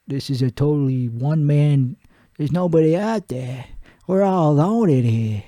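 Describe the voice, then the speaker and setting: A man's voice: a little high, lively intonation, normal speed, warm tone, no echo, studio quality, natural voice. A man playing a crude, boastful podcast host who rambles and laughs at his own jokes. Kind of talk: improvised character comedy monologue.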